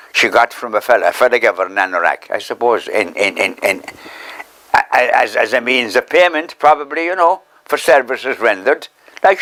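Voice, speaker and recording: An older Irish man reminiscing in a documentary interview, rambling and repeating himself as he recalls the past. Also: sharp tone. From Ireland. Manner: rambling, repeats words, acts out quotes in higher voice. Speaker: interviewee telling his life story.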